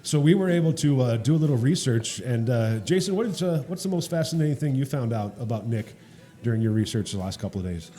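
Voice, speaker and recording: A man's voice: mid-range voice, lively intonation, fast talker, warm tone, faint music behind. A man hosting a podcast, talking in a casual and jokey way. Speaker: podcast host. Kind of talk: casual chat.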